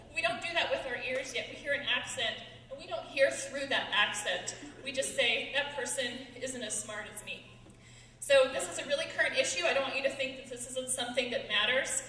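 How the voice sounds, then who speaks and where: A young woman gives an earnest stage talk in a fairly high, bright voice. She is heard from back in a big echoing hall, with a long ringing tail on her words and some faint ambience. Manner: earnest, quick, laughing now and then. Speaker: student speaker. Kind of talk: short persuasive stage talk. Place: large hall with audience. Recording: echoey hall from far off.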